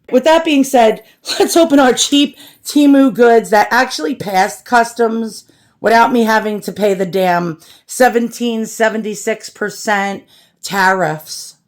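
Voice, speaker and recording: A woman's voice: on the high side, measured pace. A woman in a blunt, profane, casual rant to camera, unboxing and chatting with her viewers. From United States. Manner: blunt and profane, addresses viewers as "boys and girls". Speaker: shopping vlogger. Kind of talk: casual ranting chat to camera.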